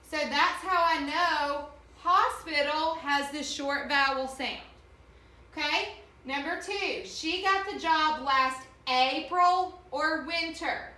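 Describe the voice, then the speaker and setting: A woman teacher giving an online reading lesson to children, slowly and clearly sounding out the vowels in each word. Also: high voice, bright, forceful tone, reverberant.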